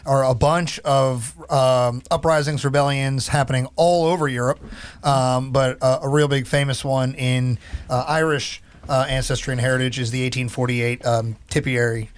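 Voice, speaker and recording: A man's voice: medium pitch, steady tone, normal speed, clean tone. A man co-hosting a podcast, telling history with lots of hesitant fillers and joking asides. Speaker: co-host. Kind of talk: podcast conversation.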